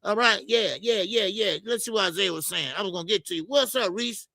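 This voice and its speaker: Gravelly, high-voiced man hosting a boxing stream. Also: brisk, sharp tone, dry recording. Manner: loose and profane, lots of filler stammers. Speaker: boxing show host. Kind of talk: casual live-stream chat reading comments.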